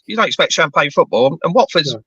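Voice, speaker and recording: A man's voice: on the high side, lively intonation, fast talker, a bit bright, husky, no echo, dull audio. A man with a mixed London and Bedfordshire accent, chatting casually as a football fan panelist and often repeating words as he starts a thought. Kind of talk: casual chat.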